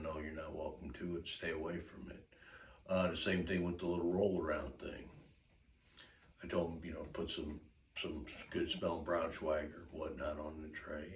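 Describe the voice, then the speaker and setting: Folksy dog trainer guy, real low voice, roomy far-off mic, bit of hum behind. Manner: folksy, rambling, chuckles often. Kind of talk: casual advice talk. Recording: roomy, distant mic, faint ambience.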